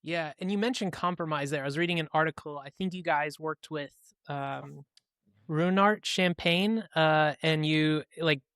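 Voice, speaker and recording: Chatty podcast host, higher male voice. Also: normal speed, fairly bright tone, smooth, dry recording, studio quality. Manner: conversational, asks long rambling questions. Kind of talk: interview questions.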